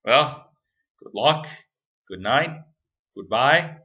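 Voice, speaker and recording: A man's voice: medium pitch, expressive, very slow, lo-fi sound. A man vlogging an unscripted rant to camera, profane, rambling and exasperated. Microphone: camera mic.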